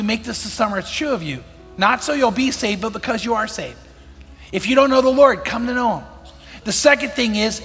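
A man's voice: high voice, fairly bright tone. A middle-aged man preaching a sermon to a congregation, telling stories and asking rhetorical questions. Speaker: pastor. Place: church. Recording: long hall reverb.

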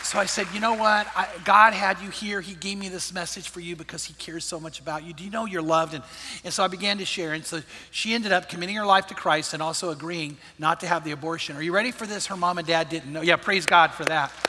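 A man's high, very bright voice carries a conversational sermon, stumbling over restarts as he tells stories to his congregation. He preaches from the stage of a large church auditorium, and the sound rings with a long hall reverb. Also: fairly even intonation, fast, a faint crowd, slight background noise. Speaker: pastor.

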